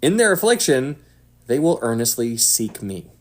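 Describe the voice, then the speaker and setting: A man giving casual Bible teaching to an online audience. He talks in an animated way and drops to a hushed voice for emphasis. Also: mid-range voice, normal speed. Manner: animated, acts out quotes, drops to a hush for emphasis.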